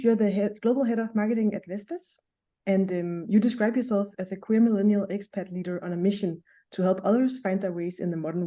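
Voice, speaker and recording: A woman co-hosting a podcast, introducing the guest and responding warmly. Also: medium pitch. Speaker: podcast co-host. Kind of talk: scripted introduction and casual chat.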